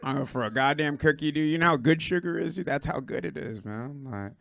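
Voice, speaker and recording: A hoarse Puerto Rican-born man doing a rambling, profane stand-up set on a club stage, riffing with the crowd. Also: fairly high pitch, a little fast, a bit bright. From Puerto Rico. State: hoarse, lost his voice. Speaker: stand-up comedian.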